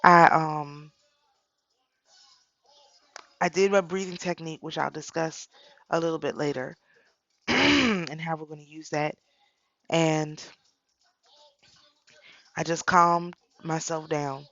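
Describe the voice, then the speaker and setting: A woman's voice: low-pitched, slow pace, pauses often, fairly bright tone, dry recording, dull audio. A middle-aged woman talking casually about spiritual practice, telling a personal story with repeated phrases. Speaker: spiritual channel host.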